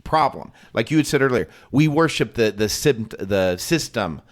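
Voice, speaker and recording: A man's voice: medium pitch, expressive, normal speed. Man musing aloud over scripture. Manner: thinks aloud, restarts, acts out quoted lines. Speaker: podcast co-host. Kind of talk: casual Bible discussion.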